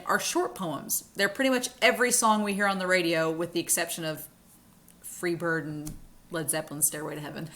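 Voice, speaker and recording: A woman teaching a recorded college English class, her voice bright and ringing. She explains poetry terms in an upbeat, chatty way. When she reads verse aloud she slows down and stresses the beat. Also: mid-range voice. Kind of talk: recorded lecture.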